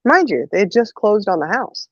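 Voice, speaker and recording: Lively woman telling family stories. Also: mid-range voice, moderate pace, no echo. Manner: lively storyteller who acts out quotes, laughs often, says "you know" a lot. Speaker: host. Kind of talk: casual chat, storytelling. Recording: dull, muffled audio.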